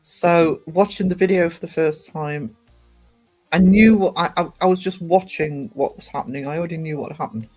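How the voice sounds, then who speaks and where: A man chats casually on a live stream. He rambles with plenty of ums and false starts, his voice pitched a little above the usual male range. Soft music plays faintly behind him. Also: moderate pace. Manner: rambling and chatty, with many ums and restarts.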